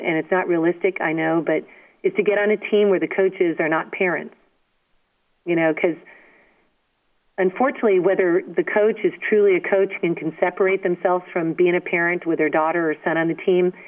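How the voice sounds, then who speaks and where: A woman telling stories as a guest in an interview, speaking in an animated, emphatic way and often asking "you know what I mean?". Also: fairly low pitch. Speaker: guest, former softball player. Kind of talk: storytelling interview. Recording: tinny phone line.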